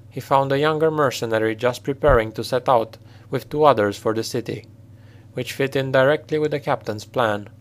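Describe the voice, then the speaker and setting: Man narrating dark fantasy, steady and dramatic. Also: mid-range voice. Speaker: audiobook narrator.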